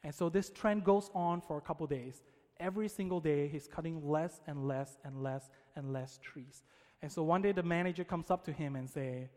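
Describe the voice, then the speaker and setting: A man's voice: on the high side, moderate pace, darkish tone, big-room sound. A man giving a sermon to men, telling a story in a casual, conversational way with frequent "right?".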